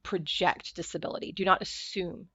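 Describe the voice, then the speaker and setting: A woman's voice: on the low side, moderate pace, slightly rough, no room sound, lo-fi sound. A woman guest on a podcast interview, talking candidly and acting out the voices of people in her stories with bursts of laughter. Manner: animated storyteller acting out quoted voices with laughter.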